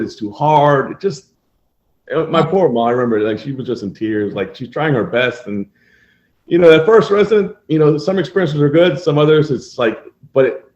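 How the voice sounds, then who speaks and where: Man hosting a podcast, echoey and dull. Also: mid-range voice. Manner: relaxed storytelling with fillers. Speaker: podcast host, assisted living operator. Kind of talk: casual interview chat. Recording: echoey room, dull lo-fi sound.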